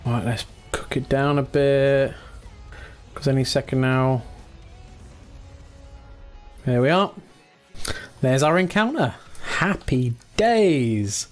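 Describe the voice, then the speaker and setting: A relaxed man casually commentating his own space game, chatty with mild swearing, into a desk mic at his computer. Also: mid-range voice, slow pace, long pauses, soft background music. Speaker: gaming channel host.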